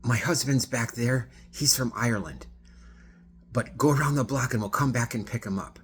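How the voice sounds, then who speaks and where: A man voicing a tipsy, excitable young woman passenger who is loud and bubbly. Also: mid-range voice, moderate pace, voice pushed up, close to an everyday voice. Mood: excited.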